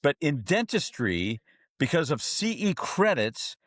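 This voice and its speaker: A man's voice: fairly high pitch, measured pace, dry recording, studio quality. A middle-aged man telling stories as a guest on a podcast interview, acting out the voices of people in his anecdotes. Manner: animated storyteller, acts out dialogue. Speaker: guest, keynote speaker.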